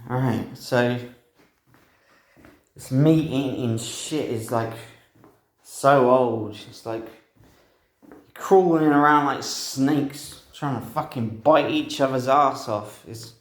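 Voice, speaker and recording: A young man in a meandering, expletive-laden monologue who drifts from one thought to the next and chuckles at his own tale. He talks slowly, at a middling pitch. The room around him rings with noticeable echo. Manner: profane, meandering, laughs at himself. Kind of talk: rambling personal monologue. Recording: roomy echo.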